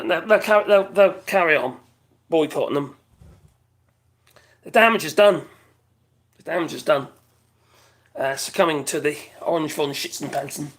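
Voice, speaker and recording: A British man hosting a live stream, chatting casually in a rambling way, reading out viewers' comments, his voice going hoarse. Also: fairly high pitch, bright, forceful tone. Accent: British English. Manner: rambling, chatty, laughs often, reads out viewers' chat.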